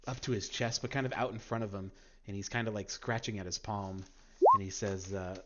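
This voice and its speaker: A man narrating a tabletop game as game master, halting and full of fillers and restarts. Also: fairly low pitch, fairly even intonation, heavy background noise. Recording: dull lo-fi sound.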